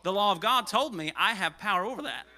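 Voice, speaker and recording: Bright, animated man preaching. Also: sits high, fast. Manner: animated, swings between loud and hushed. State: out of breath. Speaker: pastor. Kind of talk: sermon.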